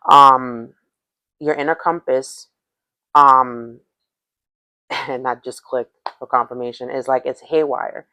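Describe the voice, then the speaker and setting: A tarot reader with a Spanish accent gives her viewers a casual reading, rambling, repeating and restarting phrases, and saying "okay?" often. Her voice is rumbling low, level, bright, and forceful, delivered slowly with long pauses and no room sound.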